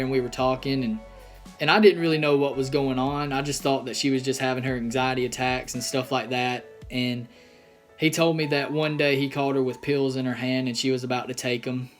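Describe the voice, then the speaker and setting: In a personal vlog, a young man with a medium-pitched voice recounts a painful family story. He speaks earnestly and haltingly, pausing often.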